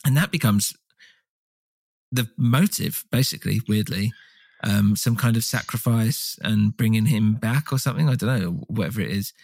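A man co-hosting a casual film podcast, rambling and swearing with lively asides. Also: lowish voice, normal speed, creaky, no echo. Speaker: podcast co-host.

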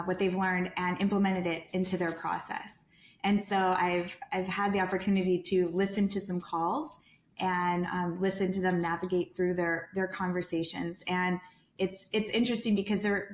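A woman guest on a podcast who speaks calmly and deliberately, with a soothing tone. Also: fairly low pitch. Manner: calm, deliberate, soothing delivery. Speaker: sales director, guest. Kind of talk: podcast interview answers. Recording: roomy echo.

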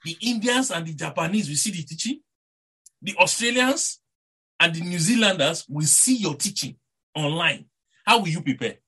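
Husky-voiced Nigerian preacher, animated sermon. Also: male voice, on the high side, moderate pace. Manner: animated, rhetorical, repeats words, asks the congregation "eh?".

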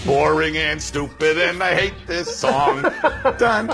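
A man telling a story in an interview clip, excitable, acting out the other people's voices and shouting the quotes. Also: sits high, slow pace, creaky, music in the background. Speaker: film director telling an anecdote.

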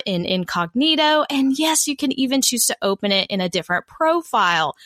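A woman's voice: mid-range voice, bright, forceful tone, no echo, studio quality. A woman co-hosting a podcast, talking in an upbeat, enthusiastic way. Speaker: podcast co-host. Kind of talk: casual podcast talk.

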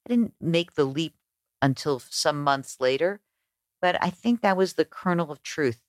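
Guest woman, lively anecdote teller, dry close sound. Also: low voice, a little slow, no room sound. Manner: animated, acts out quoted voices. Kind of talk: conversational storytelling.

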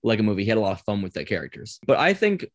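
Fast-talking male podcast host. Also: fairly low pitch, very animated, no room sound, clean studio sound. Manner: chatty, rambling, laughs often. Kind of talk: casual podcast chat.

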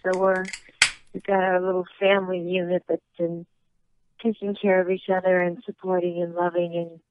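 A woman's voice: lowish voice, level tone, normal speed, clear, resonant tone, no room sound. A woman guest chatting by phone, out of breath, telling stories and laughing easily. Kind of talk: casual phone interview. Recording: tinny phone line.

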